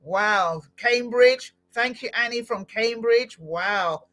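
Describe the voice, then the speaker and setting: A woman hosting a live-streamed podcast interview, talking in an animated, exclamatory way with frequent laughter. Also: fairly high pitch, takes it slowly. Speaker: podcast host.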